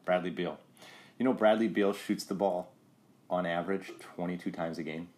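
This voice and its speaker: A man's voice: sits low, fairly even intonation, normal speed, darkish tone. A middle-aged man co-hosting a casual sports podcast, teasing and quizzing his co-host.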